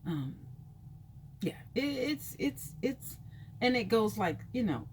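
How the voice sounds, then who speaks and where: A woman vlogger telling a personal story in a casual, rambling way, full of fillers, her pitch leaping when she acts out reactions. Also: takes it slowly, a little hiss or hum. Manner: chatty and rambling, full of "you know" fillers; animated, jumps high in pitch when acting out reactions.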